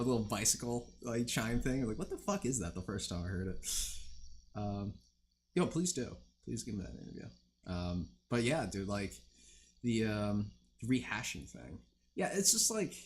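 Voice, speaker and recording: Hosting a livestream, this young man shoots the breeze with viewers, rambling, swearing, and leaning on filler words. He speaks in a mid-range voice over slight background noise.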